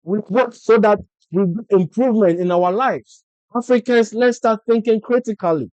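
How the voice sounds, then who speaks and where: A man's voice: high voice, moderate pace, a little mellow, dry recording, highs cut off. A Ghanaian man with a Ghanaian English accent, speaking in an impassioned political vlog monologue full of repeated rhetorical questions. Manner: insistent, repetitive rhetorical questions. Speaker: political vlogger.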